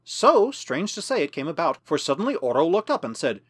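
A man narrating a first-person adventure novel as an audiobook, in a measured, expressive storytelling manner. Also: a little high, slightly rough.

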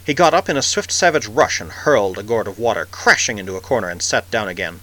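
A man's voice: fairly low pitch, animated, fast, sharp tone, rough recording. Man reading science fiction aloud. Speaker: audiobook narrator. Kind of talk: scripted science-fiction narration.

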